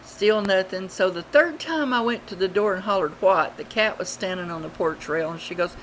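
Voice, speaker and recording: A woman, telling childhood stories in a rambling, unhurried way with many fillers, recorded on a webcam at home. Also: medium pitch, a bit bright, a little hiss or hum, poor audio. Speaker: vlogger. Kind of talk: casual storytelling.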